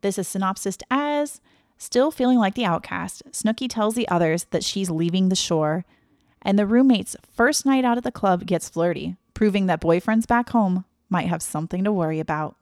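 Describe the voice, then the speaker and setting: A woman's voice: mid-range voice, expressive, normal speed, a little mellow, no room sound, studio quality. A woman hosting a podcast in a casual, chatty way, retelling scenes with animation. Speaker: podcast host. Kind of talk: casual chat, TV show recap.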